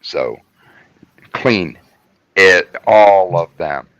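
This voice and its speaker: A man on a talk panel in heated political chat, speaking forcefully and stressing words slowly. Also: low-pitched, expressive, dry recording. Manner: forceful, emphatic, drawn-out stresses. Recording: dry, muffled lo-fi sound.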